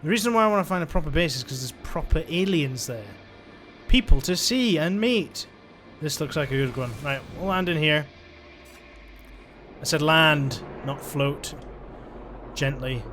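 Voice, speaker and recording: Soft music plays under a man whose voice is fairly high, fairly bright and expressive, moving at a moderate pace. As a let's-play gamer, he riffs on his gameplay casually, joking and musing aloud.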